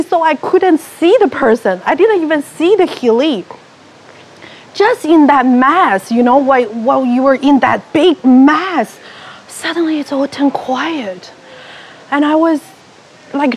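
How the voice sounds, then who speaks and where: A woman with a high voice gives a personal testimonial. She tells her story with animation and voices her own thoughts as she goes. Her English has non-native phrasing. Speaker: retreat participant.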